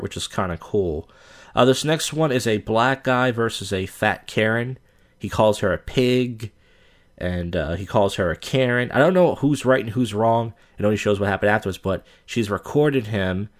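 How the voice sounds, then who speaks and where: A man hosting a reaction video, giving crude, sarcastic commentary. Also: lowish voice. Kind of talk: casual commentary.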